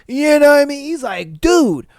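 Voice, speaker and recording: A man hosting a podcast, reading posts aloud and reacting bluntly in slangy talk with loud exclamations. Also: high voice, lively intonation, moderate pace, clean tone, no room sound, studio quality. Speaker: podcast host.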